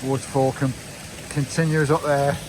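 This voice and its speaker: A man's voice: mid-range voice, little pitch movement, moderate pace, background noise. A man chatting casually to his viewers while he walks a wooded hillside trail. He rambles, keeps calling out to the viewers and his dog, and records on a handheld camera outdoors. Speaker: vanlife vlogger. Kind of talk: casual walking vlog chat to viewers.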